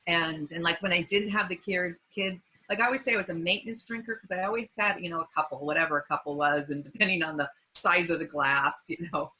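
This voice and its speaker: Woman, 50s, podcast guest; bright, breathy voice, halting and heartfelt storytelling. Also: on the low side, poor audio. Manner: halting, many fillers and restarts; earnest and emotional. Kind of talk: personal recovery story.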